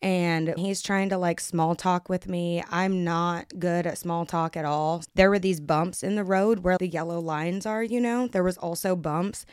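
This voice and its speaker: A woman's voice: fairly low pitch, fairly even intonation, clean tone, dry recording, clean studio sound. A young adult woman from Kansas with an American accent, hosting a podcast and telling her own story in a candid, blunt way, with swearing, and acting out other people's lines. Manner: brisk, acts out others' lines. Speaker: podcast host. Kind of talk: casual storytelling monologue.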